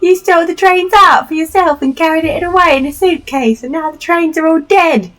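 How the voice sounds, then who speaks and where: A woman's voice: extremely high pitch, a little fast, a bit bright, pitched above the performer's own voice. A woman voicing a cheeky young child who is stubborn and accusing in a childish, insistent way.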